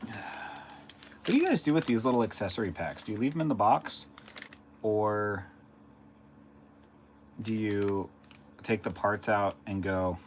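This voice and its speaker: A man's voice: lowish voice, unhurried, long pauses, a little hiss or hum. A man casually chatting on a live stream. He rambles along and answers viewers' chat messages as they come in.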